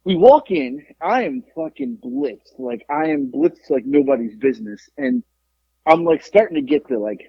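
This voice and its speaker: Gravelly, animated man telling stories. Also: on the high side, moderate pace, no echo. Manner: profane, animated, acts out the people in his stories. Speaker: podcast host. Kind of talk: casual storytelling chat. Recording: dull lo-fi podcast audio.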